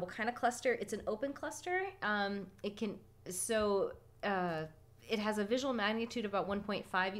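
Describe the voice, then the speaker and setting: A woman from California hosting an astronomy livestream outdoors at night, chatty and quick to laugh. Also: medium pitch. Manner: chatty, laughs often, lively storytelling. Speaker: astronomy club host. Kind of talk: casual livestream stargazing talk.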